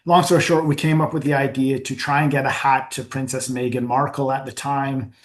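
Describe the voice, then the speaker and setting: A man giving a lively, anecdotal talk as a forum founder, laughing at his own stories and clearing his throat often. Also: medium pitch, a little fast. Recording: echoey room.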